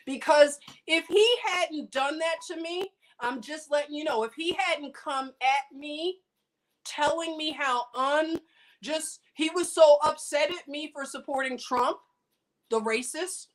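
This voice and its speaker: A woman hosting a livestream, telling a story in an animated, emphatic and indignant way. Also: sits high, a little slow. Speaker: livestream host. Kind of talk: casual storytelling chat.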